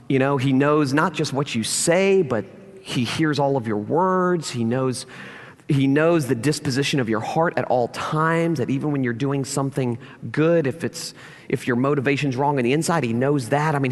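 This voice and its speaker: A man preaching a sermon as pastor, telling a personal story in an animated way and acting out the lines of the people in it. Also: mid-range voice, a little slow, long reverb tail.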